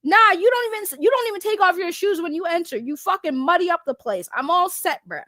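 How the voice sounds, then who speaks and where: A woman's voice: very high-pitched, expressive, brisk, bright, forceful tone, no echo, studio quality. A young woman hosting a livestream, ranting bluntly to her chat with constant swearing. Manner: blunt, heavy swearing, talks straight to chat. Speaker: livestream commentary host.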